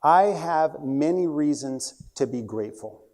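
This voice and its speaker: A man's voice: fairly high pitch, animated, unhurried, a little mellow. Man telling a story in a talk. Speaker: speaker giving a short talk.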